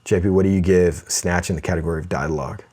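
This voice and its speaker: A man with a very low voice co-hosts a podcast in relaxed movie-review chat. He steers the conversation through the grades and trips over his words now and then, backing up to restart. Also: fast talker, husky. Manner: leads the grading, stumbles and restarts phrases. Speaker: podcast co-host.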